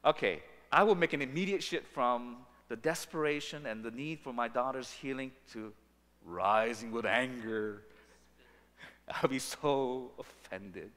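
A man preaching a sermon as pastor, animated and acting out the lines he quotes. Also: mid-range voice, a little slow. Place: church sanctuary. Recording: long reverb of a church sanctuary.

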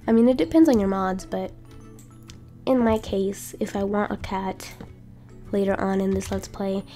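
A young woman doing excited let's-play commentary, gasping and repeating herself often. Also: mid-range voice, moderate pace, soft background music. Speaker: gaming YouTuber.

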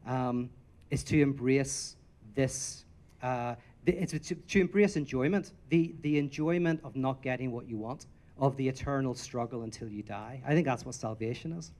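A man's voice: medium pitch, normal speed. A man answering audience questions in a rambling, lecture-style talk, acting out the voices of the stories he tells. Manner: rambling and animated, acts out quotes in storytelling.

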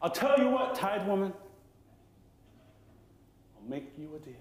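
A man voicing Raven, a sly, greedy male trickster from a told legend, bragging and coaxing in drawn-out, wheedling tones. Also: high voice, very animated, a little mellow, voice pushed up. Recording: echoey lecture room.

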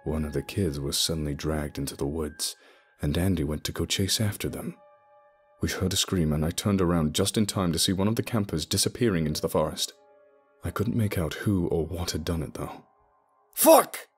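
Husky, deep-voiced man narrating horror. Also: brisk. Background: soft music.

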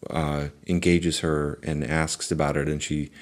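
A man, a pastor, giving an earnest, thoughtful talk on theology, pausing with fillers and restarts as he reflects. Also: a bass voice, little pitch movement.

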